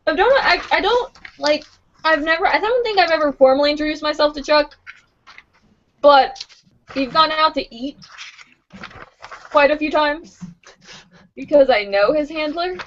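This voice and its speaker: A woman's voice: high-pitched, moderate pace, pauses often, a little hiss or hum. A young woman co-hosting a casual podcast, reading out listings, stumbling over names and swearing with a laugh. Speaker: podcast co-host. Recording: dull lo-fi podcast audio.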